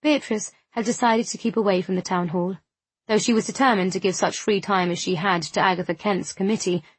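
A woman narrating an audiobook in a measured, even way. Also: mid-range voice, breathy edge, no echo.

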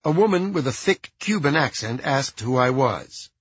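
A man's voice: mid-range voice, lively intonation, normal speed, slightly rough, no echo. A man narrating a first-person audiobook in a dry, wry way, on a slightly dull recording.

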